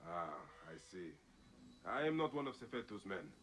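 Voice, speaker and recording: An actor playing a stern male warrior in a video game who questions townsfolk with calm, probing questions. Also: low voice, moderate pace, a little hiss or hum.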